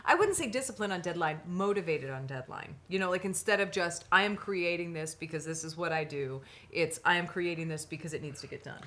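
Woman gabbing on a podcast, bright tone, does everybody's voices in her stories. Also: fairly quick, hardly any pauses. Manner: lively, acts out quoted voices with big pitch jumps. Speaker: podcast co-host. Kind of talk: casual chat, animated storytelling.

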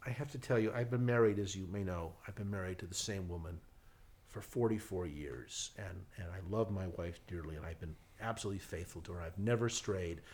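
An earnest elderly husband at confession, as a man puts him on, hushed and halting. He talks low and soft, stumbling as he owns up. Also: natural voice.

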